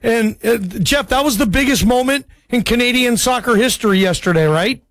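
A man hosting a call-in sports radio show, chatty and excitable, calling listeners bro. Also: extremely high pitch, moderate pace, no echo. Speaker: radio sports talk host.

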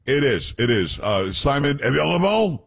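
A man's voice: medium pitch, sing-song, normal speed, gravelly, slightly rough. A man hosting a talk radio show, reading news aloud with blunt opinions and joking asides to his co-hosts.

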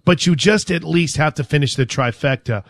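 A man hosting a sports talk show, animated and joking as he chats with his co-host. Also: on the high side, normal speed, no room sound, clean studio sound.

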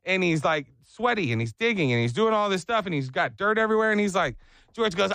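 A man casually telling a funny story, animated and acting out voices in the quotes. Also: high voice, quick pace, creaky, dry recording.

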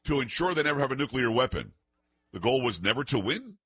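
A male talk radio host with a bright, forceful edge and a husky grain to his voice. He argues emphatically and leans on rhetorical questions, recorded close and dry in a studio. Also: mid-range voice, very animated, fast, no echo. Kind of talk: talk radio monologue and call-in.

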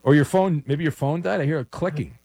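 A man hosting a call-in sports radio show, teasing callers with quick jokes. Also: on the high side, vocal fry, warm tone, no echo, clean studio sound.

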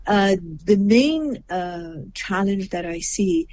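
A woman guest on a podcast giving advice in a measured, emphatic way, acting out short exchanges as she explains. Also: mid-range voice, expressive, darkish tone, no room sound, rough recording. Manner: measured and emphatic, acts out little dialogues. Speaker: guest, personal growth teacher.

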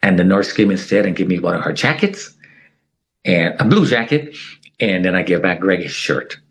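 A man's voice: low voice, expressive, normal speed. A middle-aged man telling a personal story in an interview, acting out the lines of the people in it. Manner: vivid, acts out quoted dialogue. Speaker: interview guest.

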